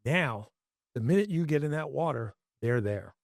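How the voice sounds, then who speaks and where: A man's voice: medium pitch, vocal fry, no room sound, clean studio sound. A man hosting a casual fishing chat, telling rambling stories with frequent restarts and folksy phrasing. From Florida. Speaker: fishing podcast host.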